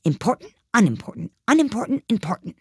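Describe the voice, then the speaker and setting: A fussy, anxious storybook king who bursts out high and loud, his voice jumping all over the place, as a woman reader puts him on. The sound is close and dry. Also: big pitch swings, normal speed, no echo. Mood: fretful.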